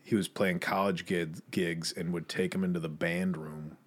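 A man co-hosting a podcast, telling stories in a casual, animated way and putting on high voices for the people in them. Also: normal speed. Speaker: podcast co-host. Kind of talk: casual chat.

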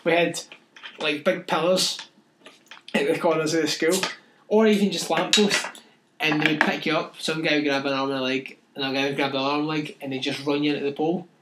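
A man's voice: on the high side, fairly even intonation, brisk, background noise. A man co-hosting a casual podcast, telling crude stories and laughing often. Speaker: podcast co-host. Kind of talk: casual chat.

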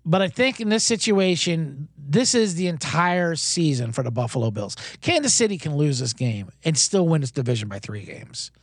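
A man's voice: on the high side, expressive, moderate pace, hardly any pauses, slightly rough, no echo, clean studio sound. A man hosting a sports betting show, rambling casually and poking fun at himself with rhetorical questions. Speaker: host.

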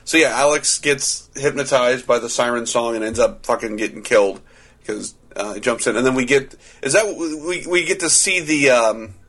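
A man with a husky, slightly raspy voice at an ordinary pitch, chatting casually about a film on a podcast. He thinks out loud, circles back on himself and swears as he pokes holes in the story. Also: moderate pace. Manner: rambling, profane, thinks aloud with restarts. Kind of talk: casual movie review chat.

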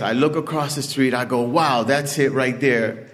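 A man slowly recounting a personal story in a casual, conversational way, with many "you know" asides. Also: medium pitch, steady tone, fairly bright tone. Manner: slow, conversational, full of "you know" fillers. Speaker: storyteller in recovery.

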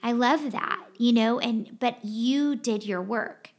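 A woman's voice: fairly high pitch, slow. A woman co-hosting a podcast in casual, heartfelt conversation, earnest and emphatic, often repeating her key phrases. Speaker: podcast co-host.

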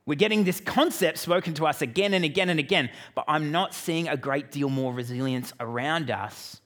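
Australian male pastor, slightly high pitch, storytelling sermon with humorous asides. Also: normal speed. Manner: lively, joking asides to the audience.

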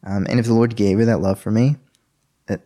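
A man's voice: on the low side, steady tone, brisk, dark tone. A young man telling a personal faith story in an interview, earnest and full of fillers and restarts.

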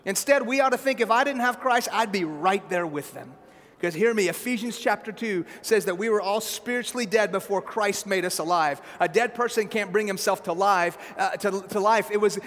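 High-voiced male preacher in a reverberant hall. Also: moderate pace, a bit bright. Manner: conversational preaching with asides like "right?" and "okay?". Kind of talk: sermon.

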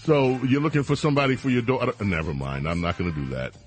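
A man's voice: mid-range voice, fast, soft background music. A man hosting a radio talk show, delivering an indignant, emphatic monologue with stammered restarts.

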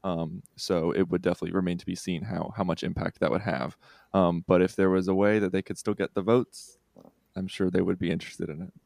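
A man reporting on a podcast, talking in a measured way with frequent fillers. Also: sits low, level tone, vocal fry, darkish tone, dry recording, clean studio sound. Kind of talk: casual news podcast discussion.

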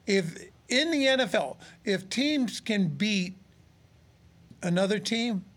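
A man's voice: sits high, takes it slowly. A man in his sixties, a former pro football player and radio analyst, chatting casually about the game and animatedly acting out quotes as he tells stories. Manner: animated storyteller, acts out quotes. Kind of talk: casual sports talk.

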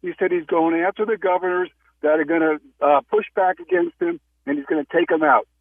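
A man's voice: on the high side, steady tone, brisk, far from the mic. A man calling in to a radio show, speaking agitatedly and urgently. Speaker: caller. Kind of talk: phone-in call. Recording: phone line.

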